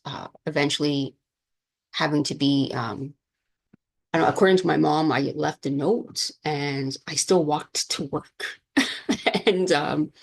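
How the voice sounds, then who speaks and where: A woman hosts her own podcast and tells a personal story in a candid, rambling way, full of fillers. Her voice sits low and has a gravelly fry, and she is emotional as she speaks. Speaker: podcast host and minister.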